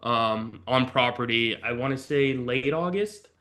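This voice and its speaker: Brief: man guest from Canada, bright, forceful tone, quick casual chatter full of "like". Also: medium pitch. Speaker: guest, assistant golf course superintendent. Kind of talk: casual interview chat.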